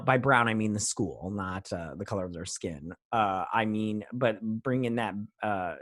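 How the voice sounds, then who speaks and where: A man's voice: medium pitch, a bit bright, no room sound, studio quality. Rambling man reviewing a TV episode. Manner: rambling, frustrated, many fillers. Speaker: TV review vlogger. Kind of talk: casual spoken review.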